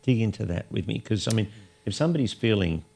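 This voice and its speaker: A man's voice: on the low side, animated, fast, gravelly, darkish tone. A man hosting a conversational interview, speaking candidly and asking probing questions. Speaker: podcast host.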